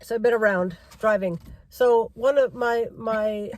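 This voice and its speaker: A woman's voice: on the high side, a little slow, a little mellow. A middle-aged woman vlogger in a car, giving a rambling driving-safety rant and repeating herself for emphasis.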